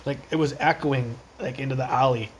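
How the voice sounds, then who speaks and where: A man's voice: mid-range voice, fairly even intonation, fairly quick, a little hiss or hum, poor audio. A young man livestreaming from his phone, telling profane, rambling street stories in casual chat.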